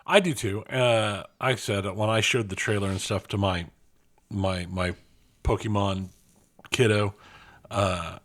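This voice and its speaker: Slow, low-voiced hesitant male co-host. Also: steady tone, a bit bright. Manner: hesitant, restarts often. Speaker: podcast co-host. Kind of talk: casual chat.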